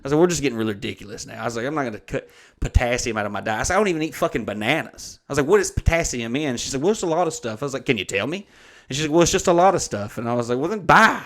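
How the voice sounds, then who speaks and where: A man's voice: medium pitch, lively intonation, rapid-fire. A man with a mid-range voice tells rambling comedic stories on a podcast. He swears freely and slips into quoted dialogue as he acts out everyone in the tale. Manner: profane, rambling anecdotes acting out quoted dialogue. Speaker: podcast co-host. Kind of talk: comedic storytelling chat.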